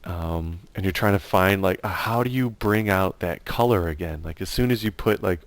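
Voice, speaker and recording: A man casually chatting about his painting as he works, relaxed and rambling with lots of fillers. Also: low-pitched, normal speed, dry recording. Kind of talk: casual chat while painting.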